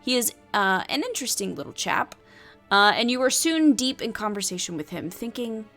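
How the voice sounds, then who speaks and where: A woman's voice: medium pitch, expressive, normal speed, fairly bright tone, faint music behind. A woman reading and playing through a solo tabletop adventure, chatting and thinking aloud between passages. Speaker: solo player and narrator.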